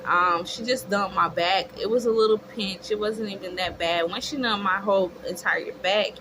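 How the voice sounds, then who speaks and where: A young woman telling a chatty, expressive storytime to her viewers, calling them y'all. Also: mid-range voice, moderate pace. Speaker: vlogger. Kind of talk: casual storytime. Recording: clear background noise.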